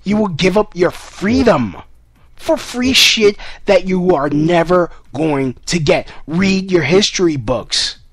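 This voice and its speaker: A man's voice: sits high, lively intonation, takes it slowly, fairly bright tone, dry recording. A man delivering an angry political rant to camera in a profane, sarcastic and emphatic way. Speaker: political vlogger.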